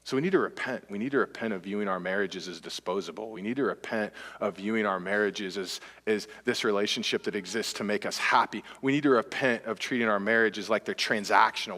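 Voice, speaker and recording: A man from Texas preaching a sermon as pastor, swinging from impassioned outbursts to quiet, earnest appeals. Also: lowish voice, expressive, fairly quick, in a large hall. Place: church sanctuary.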